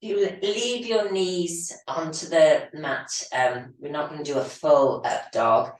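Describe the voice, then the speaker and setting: A woman teaching yoga in a slow, low voice that is slightly hoarse from losing it. She gives calm, steady breathing cues. The sound is very echoey and comes from some distance off the mic. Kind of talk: guided yoga instruction.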